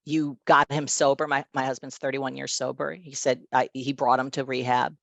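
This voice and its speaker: A woman's voice: rumbling low, flat delivery, moderate pace, creaky, a bit bright, dry recording. A woman in her fifties, a guest, telling a personal story in an emphatic, conversational way and often checking in with her listener.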